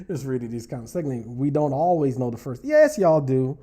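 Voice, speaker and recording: A man's voice: mid-range voice, quick pace, warm tone, breathy edge. A man hosting a relationship talk show, chatting casually and playfully teasing his viewers as he reads their comments. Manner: playful, teasing, talks straight to the audience. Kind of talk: casual livestream chat reading viewer comments.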